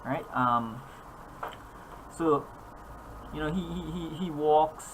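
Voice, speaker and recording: A man's voice: on the high side, slow, slight background noise, low-quality recording. A man narrating as game master, rambling with frequent fillers and restarts.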